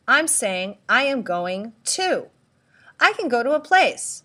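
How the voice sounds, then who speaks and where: Woman language teacher, fairly high and bright tone, deliberate tutorial delivery with repeat-after-me prompts. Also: sing-song. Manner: slow, deliberate, spells out letters and prompts repetition. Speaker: Spanish teacher. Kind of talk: recorded classroom tutorial.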